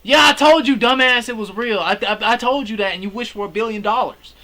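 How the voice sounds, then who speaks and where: A man voicing a furious young man who yells at his friend in exasperation. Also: very high-pitched, fairly quick, voice pushed up, heavily acted. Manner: yelling, exasperated.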